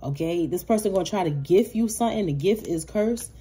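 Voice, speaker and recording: Brisk and husky with a mid-range voice, this woman reads tarot casually for her viewers. Her animated delivery is full of cursing and laughter, and she calls them baby and child.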